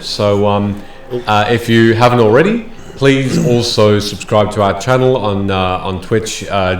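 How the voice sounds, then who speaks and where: Guy hosting a tabletop stream, halting and rambly, faint hiss in an echoey room. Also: on the low side. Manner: rambling and halting, restarting phrases. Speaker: host of a live-streamed tabletop game show. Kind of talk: casual stream announcements. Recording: roomy echo, faint noise.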